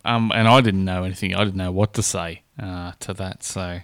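A man's voice: low-pitched, fairly even intonation, moderate pace, fairly bright tone, no echo, studio quality. A man co-hosting a podcast, reacting to a clip with blunt, crude jokes. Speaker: podcast co-host. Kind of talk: casual reaction chat.

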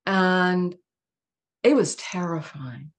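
A woman's voice: fairly low pitch, drawn-out words. A middle-aged woman speaking as a guest in an interview, telling a personal story in a candid, emphatic way with laughs and asides.

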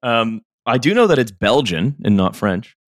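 A man hosting a podcast, making deadpan, pedantic asides in casual comedic chat. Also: mid-range voice, normal speed, no room sound, clean studio sound.

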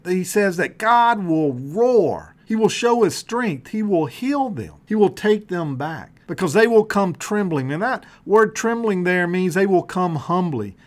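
A man preaching a sermon in an earnest, emphatic way, dropping low and soft on quoted promises. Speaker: pastor.

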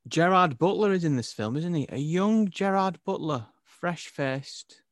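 A man from England co-hosting a casual film review chat, opinionated and animated. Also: on the high side, unhurried, dry recording. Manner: animated, opinionated, laughs easily. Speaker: podcast co-host.

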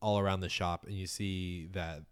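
Deep-voiced man running a tabletop game. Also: normal speed, clean tone, no room sound. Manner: relaxed, rambling, lots of fillers. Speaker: game master.

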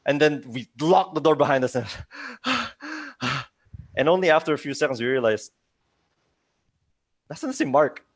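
A young man telling a ghost story to friends in casual chat, animated and acting out the voices of the people in it, with many restarts. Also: on the high side, normal speed, breathy edge. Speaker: storyteller on a group chat show.

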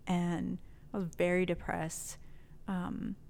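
Animated woman telling a story, reverberant. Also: lowish voice, slow, gravelly, a little hiss or hum. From New Mexico. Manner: animated, swears freely, laughs often. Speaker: podcast guest telling a story. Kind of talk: casual storytelling.

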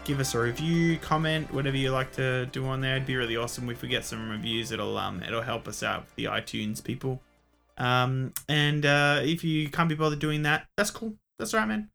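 A gravelly Australian man wrapping up a podcast episode with loose, rambling chatter. He jokes and swears freely, over faint music. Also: medium pitch, fairly quick, sharp tone. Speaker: podcast co-host and player. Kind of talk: casual podcast outro.

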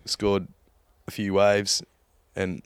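A man's voice: sits low, monotone, extremely slow, clean tone, dry recording, clean studio sound. A man in a laid-back podcast chat, swearing and laughing often. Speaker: podcast co-host. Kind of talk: casual chat.

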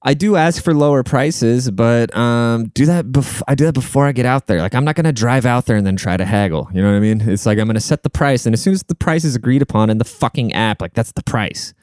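A man's voice: medium pitch, animated, quick pace, hardly any pauses, a little mellow, smooth, no room sound, studio quality. A young man ranting casually, profane, sarcastic and rambling, stopping to look things up as he talks. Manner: looks things up mid-talk. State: short of breath at times. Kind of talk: casual rant.

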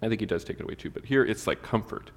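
A man's voice: on the low side, expressive, racing, in a large hall. A man preaching a sermon in an easygoing, humorous way, mixing everyday stories and asides with Bible readings.

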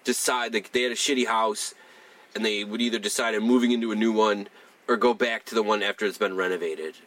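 A young man co-hosting a podcast, chatting casually with rambling, profane, animated storytelling. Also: on the low side, fast talker, recorded from a distance. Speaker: podcast co-host. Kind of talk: casual chat.

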